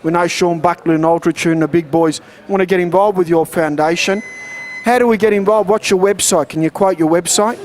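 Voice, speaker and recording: A man's voice: sits high, fairly even intonation, fairly quick, a little mellow. Upbeat male boxing show host. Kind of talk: interview.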